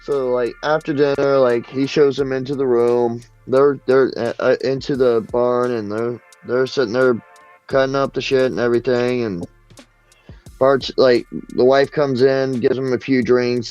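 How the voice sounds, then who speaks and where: A man's voice: medium pitch, steady tone, normal speed, darkish tone, faint music behind, poor audio. Easygoing man telling a joke. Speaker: co-host.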